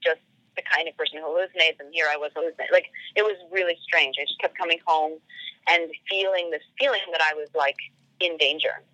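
A woman's voice: sits low, fairly even intonation, quick pace, bright, forceful tone, no room sound, lo-fi sound. A woman guest on a podcast telling a personal story casually, full of "like" fillers and acted-out quoted dialogue.

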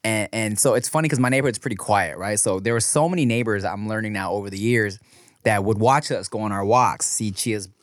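A man, telling stories with lots of swearing and jumping up into high voices when he quotes people. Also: brisk, no echo, clean studio sound. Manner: animated storyteller, swears freely, jumps to high voices when quoting people. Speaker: podcast co-host. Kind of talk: casual food podcast chat.

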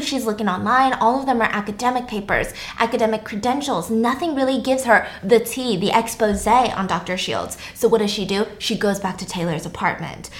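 A woman hosting a podcast, retelling a story casually with sassy asides. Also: a little high. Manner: chatty, sassy asides, acts out quotes. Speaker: podcast host. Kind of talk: casual true-crime storytelling.

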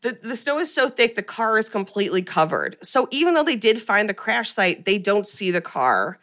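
A woman podcast host telling a story in casual chat, animated and full of filler words. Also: medium pitch, moderate pace.

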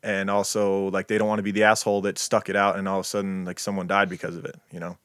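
A man in his thirties with a very deep, low voice, talking earnestly on a podcast. He rambles and restarts, stressing his points. The recording is dry and close. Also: flat delivery, quick pace, a bit bright, no echo. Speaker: podcast co-host. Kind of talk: casual chat.

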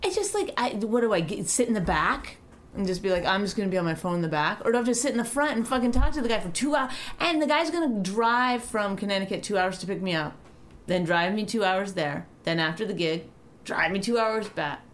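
A woman comedian co-hosting a podcast, chatting casually and telling profane, animated stories. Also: mid-range voice, a little fast. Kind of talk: casual chat.

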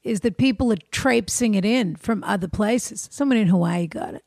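Gravelly-voiced woman podcast host, teasing. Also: medium pitch, moderate pace, darkish tone, no room sound, studio quality. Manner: wry, teasing. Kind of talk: casual chat.

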